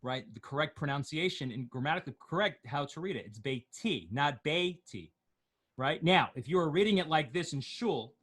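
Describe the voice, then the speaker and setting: Man teaching Torah cantillation, slow chanting. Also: on the high side, lively intonation, a bit bright, slightly rough. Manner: slows right down to chant words and notes, then explains in quick asides; jokey, asks questions of the class.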